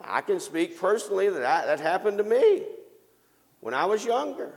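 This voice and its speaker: A preacher reads scripture aloud and asks the congregation questions that he answers himself. His creaky voice sits high and sing-song at a moderate pace, with a long reverb tail.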